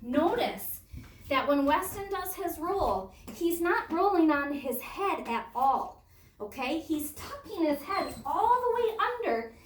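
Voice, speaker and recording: Casting: young woman, high voice, patient kids' gymnastics coach, echoey gym, mic far off. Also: slight background noise. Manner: patient, ends phrases with "okay?". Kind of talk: instructional demonstration for kids.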